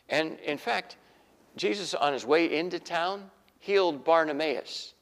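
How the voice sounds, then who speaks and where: A man's voice: fairly high pitch, very animated, normal speed, gravelly, fairly bright tone, in a large hall. A man preaching a sermon in a folksy storytelling way, acting out the voices of the people in his stories.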